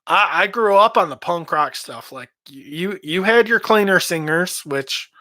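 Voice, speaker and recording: Slow, bright-voiced man giving vocal tips. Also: sits high, lively intonation, no room sound. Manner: rambling, repeats words, demonstrates screams and growls. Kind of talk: casual advice talk.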